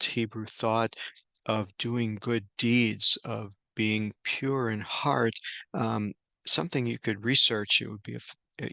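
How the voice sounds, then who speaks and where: A man giving an unscripted Bible study lesson indoors, halting often with fillers and restarts. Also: medium pitch, gravelly, pushed and bright, dry recording. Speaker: Bible teacher.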